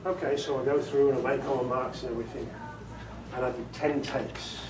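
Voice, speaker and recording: A man's voice: medium pitch, level tone, fairly quick. A middle-aged Englishman, a voiceover artist, telling jokey stories and answering questions at a meeting. His manner is chatty and he laughs often. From England. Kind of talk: storytelling talk with audience questions. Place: meeting room with an audience. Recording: roomy distant recording with background noise.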